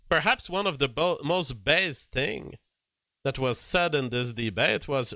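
A man's voice: on the high side, expressive, slow pace, creaky, pushed and bright, no echo. A man giving opinionated political commentary in casual talk, breaking into mocking impressions, with frequent restarts.

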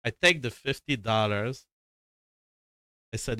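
Bright-voiced man. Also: medium pitch, expressive, a little slow, long pauses, no room sound. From Canada. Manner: rambling, profane, self-dramatizing. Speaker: storyteller. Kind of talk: casual anecdote.

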